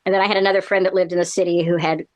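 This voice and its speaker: A middle-aged woman chatting casually, her voice sitting a little low for a woman. She tells a story in loose, rambling sentences full of fillers, stops to laugh, and then picks the thread back up. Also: little pitch movement, racing.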